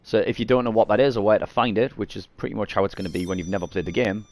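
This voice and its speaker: A man's voice: on the low side, racing, darkish tone. A man casually walking viewers through a game, rambling and correcting himself, with a cough that keeps interrupting. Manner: rambling, self-correcting, frequent coughs and throat clearing. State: coughing after eating garlic. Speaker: gaming streamer. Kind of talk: casual gameplay tutorial.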